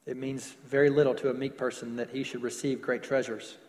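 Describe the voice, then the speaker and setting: A man preaching a sermon, stretching words for emphasis and dropping to softer closing lines. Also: medium pitch, flat delivery, big-room sound. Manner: preaching with slowed emphasis and falling soft endings. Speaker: pastor.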